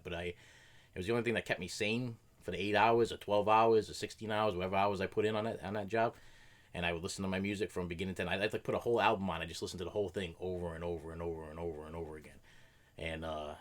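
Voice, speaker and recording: Low-voiced rambling man, fast talk. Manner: rambling, many fillers and restarts. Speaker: react video host. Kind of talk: casual chat.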